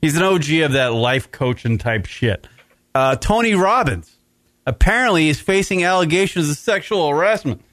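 A man's voice: a little high, animated, moderate pace, fairly bright tone, no room sound. A middle-aged man hosting a radio show from a studio, in crude, rambling casual banter full of swearing. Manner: profane, rambling, laughs often. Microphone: studio mic.

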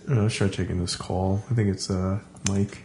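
A man's voice: low voice, steady tone, fairly quick, mellow, husky. A male radio co-host giving dry, laid-back reactions in casual banter.

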